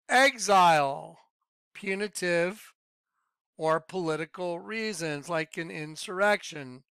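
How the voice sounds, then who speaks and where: A man giving an informal Bible teaching, emphatic, quizzing the listener with yes-or-no questions and swinging between loud outbursts and muttered asides. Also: high-pitched, smooth, dry recording. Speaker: self-styled Bible teacher.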